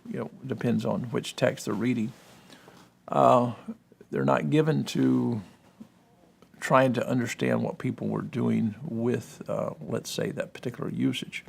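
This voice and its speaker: A man with a gravelly voice explaining Hebrew and Greek grammar in a discussion, full of "you know" and checking "correct?". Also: medium pitch, fairly even intonation, a little slow. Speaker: guest explaining biblical languages.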